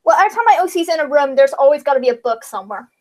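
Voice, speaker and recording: A woman chatting casually on a livestream, laughing often and acting out script lines in quick voices. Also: high-pitched, expressive, a little mellow.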